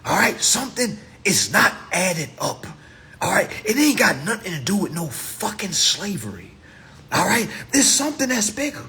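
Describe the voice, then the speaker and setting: A man on a live phone stream giving an impassioned monologue, swinging from loud exclamations to low muttering and repeating "all right?" constantly. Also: big pitch swings, normal speed, slight background noise. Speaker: livestream host.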